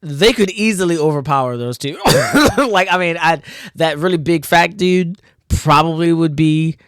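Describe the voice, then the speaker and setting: A man's voice: on the high side, moderate pace, smooth, no room sound, clean studio sound. A man casually reading through his own old comic, laughing a lot and poking fun at himself with many fillers. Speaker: comic artist reviewing own old work.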